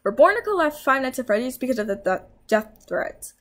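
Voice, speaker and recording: A woman's voice: high-pitched, sing-song, fairly quick, fairly bright tone. A young woman vlogger in a heated, swearing rant, scolding her viewers. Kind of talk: angry rant.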